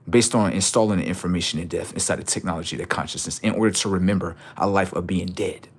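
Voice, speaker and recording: A man with a fairly low voice lectures his livestream chat, repeating his points over and over. He swears freely, asks rhetorical questions, and sometimes bursts into loud outbursts. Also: fairly even intonation, quick pace, husky. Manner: preachy, repetitive, profane, jumps into loud outbursts. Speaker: livestream host.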